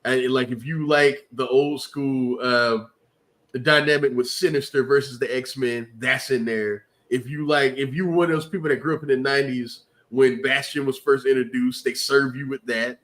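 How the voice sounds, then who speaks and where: A man's voice: medium pitch, fairly even intonation, normal speed, a bit bright. A man with a mid-range voice talks with real enthusiasm in a casual review chat. He stresses his points and often repeats words as he gets going. He sounds like an eager podcast co-host.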